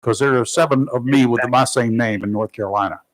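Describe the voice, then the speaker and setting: A man's voice: mid-range voice, fast, poor audio. A man hosting a call-in talk radio show, trading jokey comebacks with a caller and often restarting his sentences. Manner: jovial, joking comebacks; stammering restarts.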